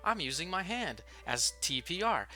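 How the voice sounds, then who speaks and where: A man teaching online English, giving casual, playful and excitable how-to advice in a vlog. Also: on the high side, moderate pace, faint music behind.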